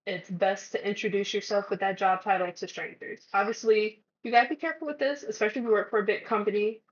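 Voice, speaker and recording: A chatty woman speaks casually to her viewers, giving advice in a relaxed vlog. Her voice sits at a middling pitch, and the audio is a touch dull and lo-fi. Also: fast talker. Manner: chatty, acts out conversations. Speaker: vlogger.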